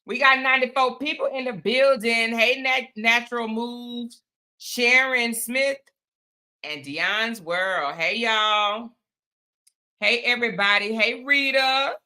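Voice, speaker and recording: Taking her time, a woman with a high, bright, forceful voice runs a casual livestream. She greets viewers by name and calls them y'all and honey as they chat.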